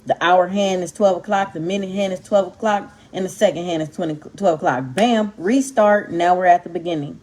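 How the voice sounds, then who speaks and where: Speaking a little fast with hardly any pauses, this Compton, California woman delivers a casual, fervent Bible talk to camera, leaning on punchy exclamations, street slang, and drawn-out, emphasized words. Her voice is on the low side and a little mellow, and there's a little hiss or hum in the recording.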